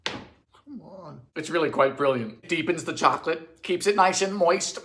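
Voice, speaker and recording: A man narrating a comic cooking vlog about vintage recipes, making dry deadpan jokes and breaking into sudden shouts. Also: fairly high pitch, moderate pace. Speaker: home baker trying vintage recipes. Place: home kitchen.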